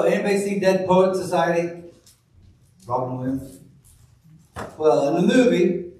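A man preaching a sermon in a church, reading scripture slowly and telling folksy stories. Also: fairly high pitch, a little mellow. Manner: folksy storytelling, slow deliberate reading of scripture. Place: church sanctuary. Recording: very echoey room, from far off.

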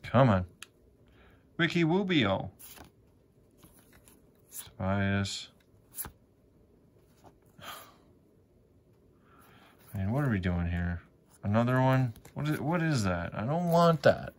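A man's voice: medium pitch, sing-song, takes it slowly, pauses often. A man commentating casually as he opens sticker packs, swearing often, grumbling about bad pulls and talking to his viewers. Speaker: sticker pack opener. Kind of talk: casual pack-opening vlog commentary. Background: wrappers crinkling, faint clicks.

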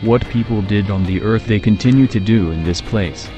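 A man voicing Jesus as a calm, fatherly guide, speaking gently and solemnly in a scripted reading. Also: on the low side, normal speed, muffled recording, faint music behind, lightly acted.

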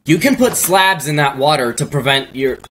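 A man's voice: fairly high pitch, normal speed, a bit bright, a little hiss or hum, poor audio. A man hosting a let's play, chatting casually and thinking aloud as he builds. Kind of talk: casual gameplay chat.

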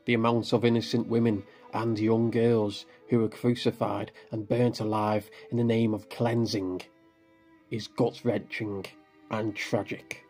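A man narrating a scripted horror story in a grave, measured manner. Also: lowish voice, flat delivery, darkish tone. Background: faint background music.

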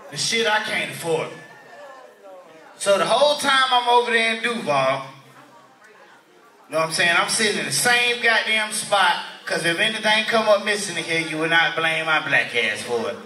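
A male stand-up comedian doing loud, profane crowd work in a church hall venue. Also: high voice, expressive, normal speed. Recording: echoey hall, mic from far.

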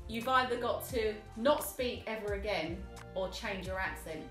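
A woman's voice: medium pitch, normal speed, over music. Encouraging woman, far from the mic. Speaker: family vlogger. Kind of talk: casual chat. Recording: echoey room, far from mic.

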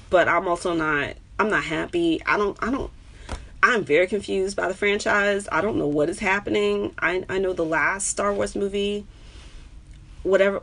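A slightly rough-voiced New Yorker, she's a stand-up comedian hanging out with viewers on her personal live stream. Animated throughout, she leaps into a higher pitch whenever she gets excited, heard over a webcam or phone mic.

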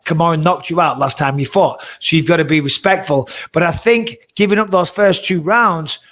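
A man co-hosting a podcast, chatting casually in an animated, rambling way with the odd swear. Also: a little high, moderate pace. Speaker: podcast co-host.

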